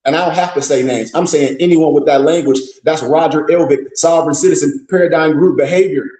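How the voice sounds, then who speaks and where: A teacher addresses a group in an echoey room with a blunt, scolding, profane preaching lecture packed with rhetorical questions. His voice is fairly high, mellow, and steady, and he talks fairly quickly.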